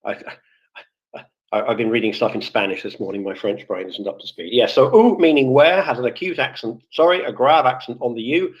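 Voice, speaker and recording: A man chats casually in a live online audio room, wandering through his points, stopping to correct himself and filling pauses as he goes. He has a mid-range voice of ordinary pitch. His audio comes through a dull, lo-fi stream. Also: lively intonation. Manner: rambling, self-correcting, with many fillers. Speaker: guest speaker, former office IT support. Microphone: computer or phone mic in a live audio room.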